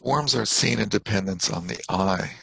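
A man teaching a class on Buddhist texts, explaining terms thoughtfully and haltingly. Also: lowish voice, vocal fry, bright, forceful tone, breathy edge, no room sound, low-quality recording.

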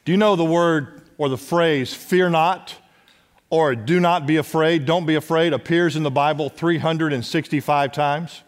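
A man preaching a sermon as pastor, urging his congregation to respond and dropping at times to a hush. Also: a little high, steady tone, moderate pace. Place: church sanctuary. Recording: long church hall reverb.

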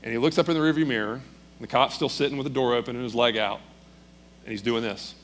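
A man preaching, telling a story in a lively, dramatic way. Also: mid-range voice, fast talker, a little hiss or hum. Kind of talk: sermon storytelling.

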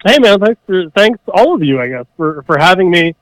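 Guy guesting on a podcast, dry humor, smooth voice, lots of ums, dead dry sound. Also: sits high, very animated, moderate pace, no echo, rough recording. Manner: wry, lots of ums and restarts. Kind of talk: casual podcast chat.

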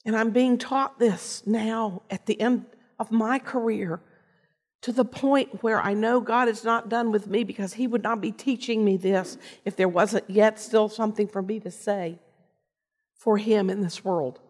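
An older woman giving a personal storytelling sermon, earnest, with pauses and restarts. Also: medium pitch, fairly even intonation, a little mellow. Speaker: lay preacher and teacher. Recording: long reverb of a large hall.

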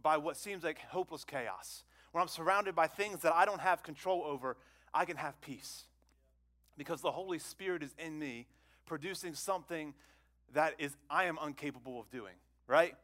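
A man preaching a sermon to a congregation, conversational and repetitive, asking them questions and swinging between loud exclamations and hushed phrases. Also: on the high side, normal speed. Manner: conversational, repeats words, asks the congregation questions. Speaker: pastor.

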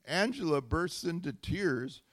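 Lively storytelling male preacher. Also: on the high side, unhurried. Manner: animated, laughing, rising to loud exclamations. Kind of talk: sermon storytelling.

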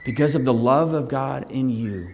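A middle-aged man, a guest pastor, preaching a sermon with humor, moving between hushed and loud. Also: mid-range voice, normal speed, big-room sound, muffled recording, slight background noise. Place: church sanctuary.

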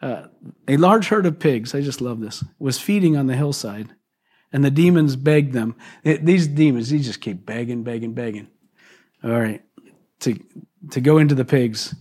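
A male pastor giving a live church sermon, telling the story in a conversational, animated way. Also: mid-range voice, normal speed. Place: church service.

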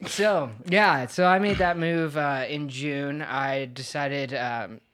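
Guy in his 30s on a podcast, talks open and kinda hesitant, thinking out loud. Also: on the high side, slow, slight background noise. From Oregon, USA. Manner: candid, reflective, hesitant. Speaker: podcast guest. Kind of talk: casual podcast conversation.

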